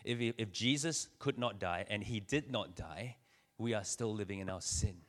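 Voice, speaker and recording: A man's voice: on the low side, moderate pace. A man preaching a conversational sermon, joking with his listeners and building in energy. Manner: conversational preaching, teasing the audience, rising energy.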